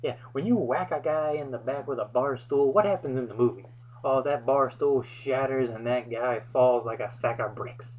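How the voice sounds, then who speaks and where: A man's voice: mid-range voice, moderate pace, highs cut off, slight background noise. A young man hosting his vlog, telling a story from his past in a wry, self-deprecating way. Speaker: vlog host. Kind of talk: casual storytelling.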